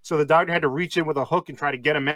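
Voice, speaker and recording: A man's voice: a little high, steady tone, racing, fairly bright tone, slight background noise. A man from South Philadelphia, co-hosting a podcast with sarcastic, crude jokes. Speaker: podcast co-host. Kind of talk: casual crude banter.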